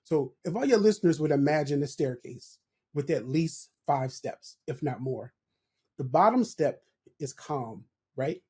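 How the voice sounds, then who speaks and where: A man's voice: on the high side, lively intonation, unhurried, a little mellow, husky. A man who is a guest on a podcast interview, explaining ideas through stories in a reflective, conversational way and often checking in with "right?". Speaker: guest, professional development director.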